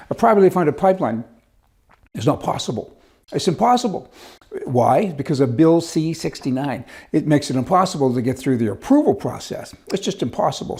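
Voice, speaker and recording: A middle-aged man rants about politics in an indignant, sarcastic way. His voice is warm and dark, sitting at an ordinary pitch for a man. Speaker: political commentator. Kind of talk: opinionated political rant.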